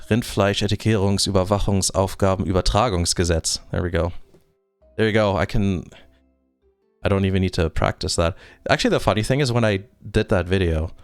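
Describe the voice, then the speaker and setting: Low, smooth-voiced German man chatting. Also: dry recording. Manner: rambling and self-deprecating, with frequent chuckles. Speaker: streamer. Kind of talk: casual live-stream chat, reading viewer comments aloud. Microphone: desk microphone.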